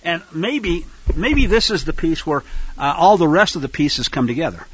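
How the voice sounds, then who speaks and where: A man teaching scripture to a fellowship, animated and acting out quoted lines. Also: on the high side, normal speed, slightly rough, dry recording, highs cut off.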